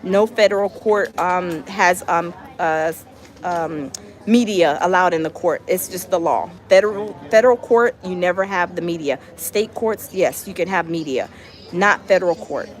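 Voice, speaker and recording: A woman hosting a casual live stream, chatting and reading out viewer comments with lots of fillers and animated asides. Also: fairly low pitch, normal speed. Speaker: livestream host.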